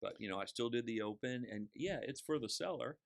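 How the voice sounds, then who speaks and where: A man's voice: medium pitch, animated, a little fast, gravelly, dry recording. A man who is a real estate agent, chatting as a podcast guest and telling stories with quoted voices. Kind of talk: casual chat.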